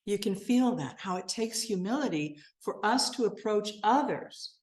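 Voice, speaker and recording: An older woman minister giving a sermon, gentle and earnest, sinking to a soft, quiet voice as she leads a guided meditation. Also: animated, moderate pace, hardly any pauses. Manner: gentle, earnest and softly spoken, dropping low and quiet.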